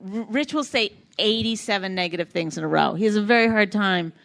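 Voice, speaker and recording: A woman's voice: mid-range voice, brisk, creaky, fairly bright tone. Woman comic cohosting live podcast, chatty, laughs at herself a lot. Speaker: comedian and podcast co-host. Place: live podcast stage before an audience.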